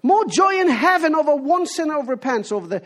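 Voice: high voice, very animated, fairly quick. A preacher giving a sermon in an emphatic way, often restarting phrases and putting rhetorical questions to the listeners.

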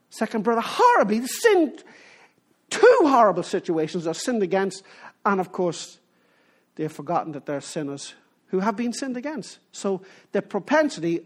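A preacher giving a sermon in an emphatic way, often restarting phrases and putting rhetorical questions to the listeners. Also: medium pitch.

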